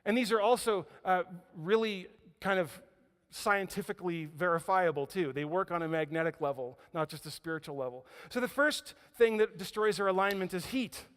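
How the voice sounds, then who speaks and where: A man preaching a sermon as pastor, telling a story with dramatic swings from loud emphasis to hushed quiet. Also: sits high, moderate pace. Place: church auditorium. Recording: hall reverb.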